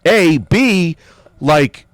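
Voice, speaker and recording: A man's voice: on the high side, lively intonation, drawn-out words, no echo, studio quality. A middle-aged man, a guest comedian in casual podcast chat, telling crude, riffing, joking stories.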